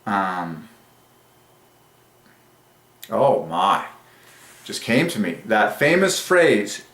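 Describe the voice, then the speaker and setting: A man hosting his own religious channel, talking alone with great excitement and stretching out key phrases slowly for emphasis. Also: fairly low pitch. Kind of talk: excited solo monologue on word numerology. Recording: roomy echo.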